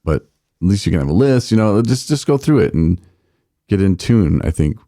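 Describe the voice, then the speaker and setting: A man's voice: fairly low pitch, sing-song, normal speed, mellow, dry recording, clean studio sound. A man co-hosting a recovery podcast, talking casually and reflectively, often repeating words as he thinks. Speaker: podcast co-host.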